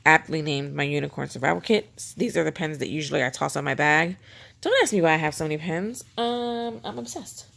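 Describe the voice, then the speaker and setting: A planner vlogger rambles chattily at home while showing off her pen collection, poking fun at herself in a casual show-and-tell. Her voice sits low and a bit bright, with vocal fry and a brisk pace.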